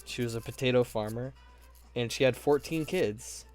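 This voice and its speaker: A man's voice: medium pitch, normal speed, a little mellow, soft background music. A man live streaming while building models, chatting casually in a playful, joking and often profane way.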